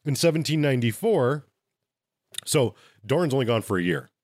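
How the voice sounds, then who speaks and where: A man co-hosting a casual podcast, retelling tabletop game lore with profanity and quick asides. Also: mid-range voice, sing-song, a little mellow, dry recording, studio quality. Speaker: podcast co-host.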